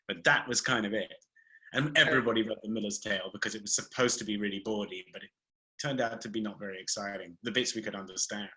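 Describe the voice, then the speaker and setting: A man's voice: on the low side, fast, pushed and bright, rough recording. A man hosting a casual live video call chat, laughing often, chatty and playful.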